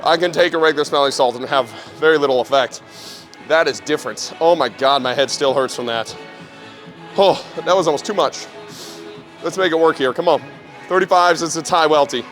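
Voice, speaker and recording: A man's voice: a little high, brisk, a bit bright, faint music behind. A young man filming a gym training vlog as a strength coach, hyped and talking between lifts, often swearing.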